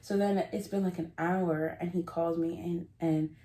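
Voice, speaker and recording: A woman's voice: lowish voice, steady tone, moderate pace, mellow. A woman vlogger telling a rambling, giggly story in casual confessional chat, often cutting herself off. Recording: roomy echo.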